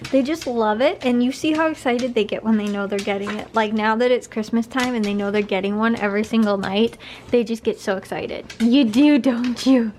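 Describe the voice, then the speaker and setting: A woman's voice: on the high side, steady tone, a little fast, a little hiss or hum. A young woman chatting casually in a home vlog, rambling with lots of fillers and repeats. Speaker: vlogger. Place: home at night.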